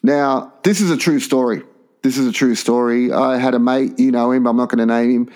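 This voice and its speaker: A man's voice: medium pitch, fairly quick. A man co-hosting a casual podcast, telling crude stories and laughing often. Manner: animated yarn-spinning, crude, laughs often. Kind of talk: casual chat, storytelling.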